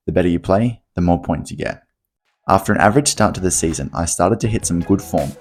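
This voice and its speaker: Australian man, very low voice, dry self-mocking vlog narration over faint music. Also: darkish tone. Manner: wry, self-deprecating delivery. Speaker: vlogger narrating.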